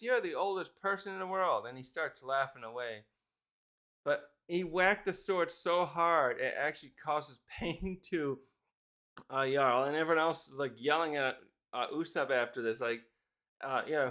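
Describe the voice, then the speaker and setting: A man's voice: mid-range voice, a little slow, bright, forceful tone. A man giving a casual, rambling chapter review, thinking aloud and correcting himself as he goes. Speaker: manga reviewer.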